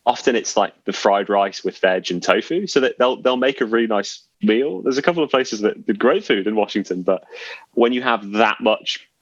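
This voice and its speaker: A man's voice: on the low side, expressive, moderate pace, dry recording, muffled recording. A man, a podcast guest telling stories in a chatty, self-deprecating way. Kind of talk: casual storytelling chat.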